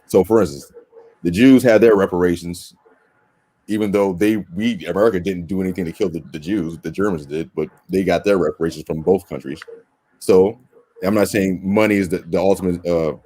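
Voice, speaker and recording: A man's voice: low voice, darkish tone, breathy edge. A man arguing his point in a casual discussion, emphatic and swearing freely. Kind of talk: casual debate chat.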